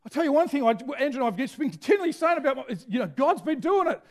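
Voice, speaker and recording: A middle-aged man preaching a sermon with energy, shouting out key phrases. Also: very high-pitched, very animated, very fast.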